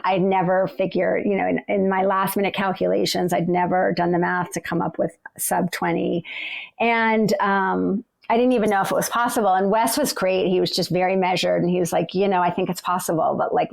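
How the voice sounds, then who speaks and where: A middle-aged woman telling a personal story in a reflective, halting way, full of fillers and restarts. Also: lowish voice, creaky. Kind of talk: personal story told aloud.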